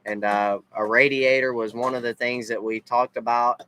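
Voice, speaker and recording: Southern guy, family vlog host, rambling thank-yous, mid pitch. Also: fairly even intonation, moderate pace, fairly bright tone, clear, resonant tone, low-quality recording. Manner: rambling, lots of uh fillers. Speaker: racing family vlogger. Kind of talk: casual live recap, thanking people.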